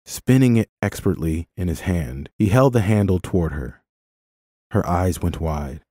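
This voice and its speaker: A man reading a novel aloud in a measured, expressive way, as an audiobook narrator. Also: deep voice, dry recording, studio quality. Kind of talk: scripted narration.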